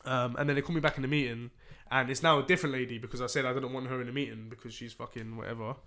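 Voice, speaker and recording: Rapid bright young man. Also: medium pitch, steady tone. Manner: swears freely, acts out dialogue in slang. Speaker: podcast guest. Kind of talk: casual storytelling.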